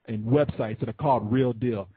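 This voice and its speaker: A man's voice: medium pitch, fairly even intonation, normal speed, slightly rough, no room sound. A man hosting a call-in show, chatting loosely and joking with callers, swearing freely. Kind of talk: casual call-in chat. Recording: tinny phone-line sound.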